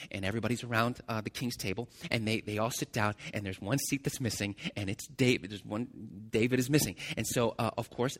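A man's voice: on the low side, in a large hall. A man preaching a sermon, retelling a story with restarts and asides to the congregation. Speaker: pastor.

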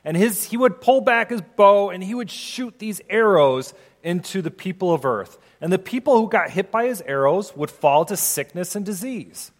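High-voiced chaplain preaching in a reverberant hall. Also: male voice, animated, moderate pace, hardly any pauses. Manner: conversational, acts out quoted prayers. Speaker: hospital chaplain. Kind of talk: sermon.

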